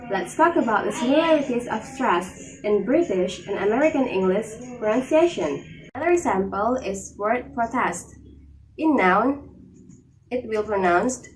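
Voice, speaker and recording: A young woman student reading a pronunciation presentation slowly and carefully, listing word examples. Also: on the high side, a little hiss or hum, rough recording. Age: young adult.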